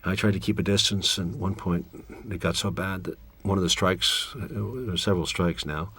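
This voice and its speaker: A man's voice: low voice, moderate pace, fairly bright tone, slightly rough. A man giving a director's commentary, telling candid, wry, rambling stories about a film shoot. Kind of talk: director's commentary, reflective storytelling.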